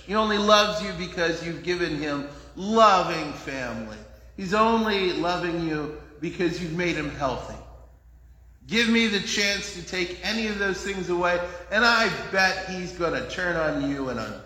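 A man's voice: sits high, lively intonation, unhurried, sharp tone, roomy sound, in a large hall, low-quality recording. A man pastor giving a conversational, humorous sermon in a church, acting out the voices in his stories. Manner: conversational, humorous storytelling, acts out quotes.

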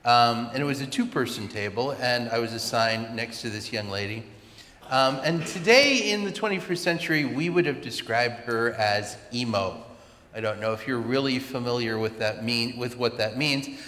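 A man, a pastor, telling a personal story in a sermon with chatty, animated asides. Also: mid-range voice, moderate pace. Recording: echoey hall with long reverb.

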